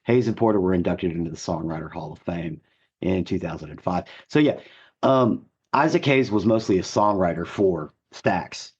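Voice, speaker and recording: A man with a gruff, hoarse voice co-hosting a podcast, chatting enthusiastically with lots of fillers. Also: deep voice, expressive, normal speed, a little mellow, highs cut off. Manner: enthusiastic, rambling with many fillers. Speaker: podcast co-host. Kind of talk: casual chat.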